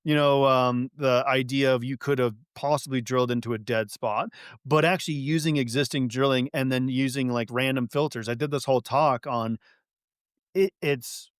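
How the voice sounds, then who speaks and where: A man in casual conversation as a podcast guest, talking in an animated, rambling way full of fillers and restarts. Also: medium pitch, dry recording, clean studio sound.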